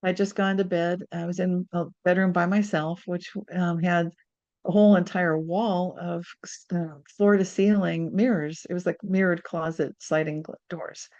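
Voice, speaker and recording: A woman in her sixties, an author appearing as an interview guest, tells a personal story as an animated storyteller, acting out what people said. Her voice is lowish at normal speed, and the recording sounds muffled.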